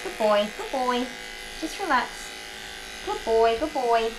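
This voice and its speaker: A woman's voice: on the high side, lively intonation, slow, noisy background. A woman grooms a dog, coaxing it with soothing, repetitive praise and chatty asides to viewers. Her voice rings in an echoey room over a faint buzz of clippers. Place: grooming salon. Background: electric clippers buzzing.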